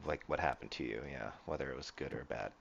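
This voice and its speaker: A man running a tabletop game as game master, talking haltingly with many fillers. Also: very deep voice, vocal fry, lo-fi sound, a little hiss or hum.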